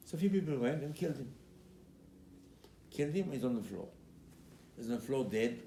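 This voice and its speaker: A man who is a rabbi, giving a Torah class as an animated storyteller who acts out quotes and repeats his key points. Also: mid-range voice, moderate pace, long pauses. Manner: emphatic, repeats key phrases. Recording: roomy recording with faint background noise.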